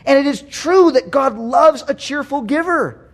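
A man with a high voice preaching a sermon to his church. He acts out quotes and swings between loud and hushed lines. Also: expressive, measured pace. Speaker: pastor.

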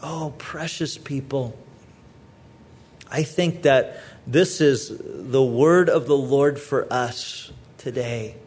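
A man's voice: mid-range voice, slow, a little mellow, husky. A man preaching a sermon, earnest and pleading, often repeating words as he presses his point. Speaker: pastor.

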